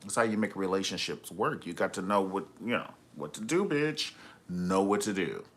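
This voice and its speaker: Flamboyant guy on a live stream, sassy and cussing, voice swoops all over, kinda low. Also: expressive, normal speed, a bit bright. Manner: sassy, flamboyant, keeps saying honey; profane, gossipy storytelling. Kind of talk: casual live-stream chat.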